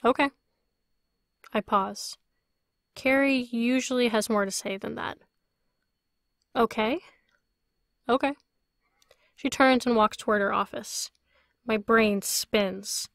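A woman author reads her novel aloud in a steady, even first-person narration. Her voice sits fairly high for a woman. The recording is close-miked and dry. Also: unhurried, gravelly, dry recording. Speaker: author reading her book. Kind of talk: audiobook narration.

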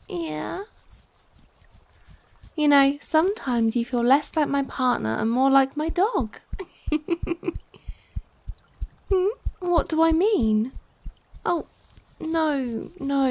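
Female ASMR performer, whispered role-play, high register, unhurried delivery, coaxing and teasing. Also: darkish tone.

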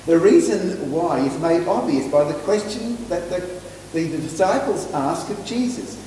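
An Australian man preaching a sermon as minister, measured and stumbling over his words now and then. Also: high voice, expressive, dark tone, a little hiss or hum. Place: church hall. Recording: echoey church hall from far off.

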